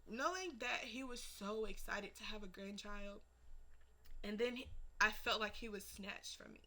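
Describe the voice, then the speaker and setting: A woman telling a personal family story in a documentary interview, animated, acting out her relatives' words and dropping from loud to hushed. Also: mid-range voice, a little slow. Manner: animated, acts out family members' lines, swings between loud and hushed.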